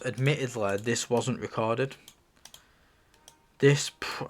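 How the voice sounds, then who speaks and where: A screenwriter casually reading through his own screenplay and commenting on it in a relaxed, musing way. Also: medium pitch, normal speed, slight background noise.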